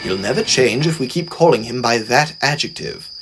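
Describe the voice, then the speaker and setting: A man voicing a gentle, patient older male engine who speaks softly. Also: medium pitch, lively intonation, normal speed, background noise, lightly acted.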